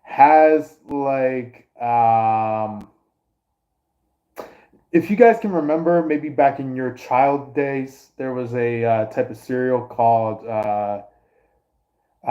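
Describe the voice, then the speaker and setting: A man's voice: medium pitch, slow, highs cut off. A man doing a casual astrology reading to his viewers, rambling with many fillers and restarts. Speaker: astrology and tarot reader.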